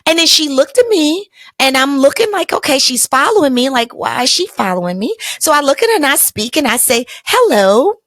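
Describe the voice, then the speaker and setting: A woman's voice: high voice, sing-song, a little fast, fairly bright tone, dry recording. A woman hosting a podcast, telling a personal story in an emphatic, colloquial, motivational way. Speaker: podcast host.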